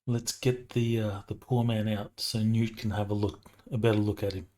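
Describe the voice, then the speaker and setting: A man's voice: fairly low pitch, little pitch movement, moderate pace, warm tone. A man speaking as a player in a tabletop game, matter-of-fact. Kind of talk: casual tabletop play.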